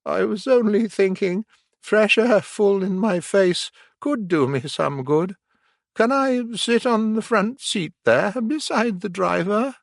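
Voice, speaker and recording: A man voicing a boastful, excitable male toad in a storybook reading, high and breathless. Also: slow pace, vocal fry, no echo, clean studio sound, heavily acted. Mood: sly.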